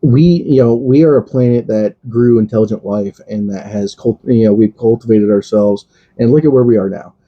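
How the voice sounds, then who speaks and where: A man's voice: lowish voice, moderate pace, breathy edge, highs cut off. A man co-hosting a podcast, talking in a rambling, profane, laid-back way and laughing often. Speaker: podcast co-host. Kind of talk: casual chat.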